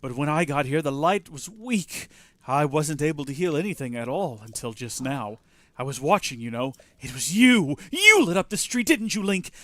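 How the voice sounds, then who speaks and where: A man's voice: a little high, big pitch swings, moderate pace, pushed and bright, no room sound. A man voicing a male enemy spy disguised as a friendly traveler in a video game, reading the lines aloud in a theatrical way. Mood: earnest.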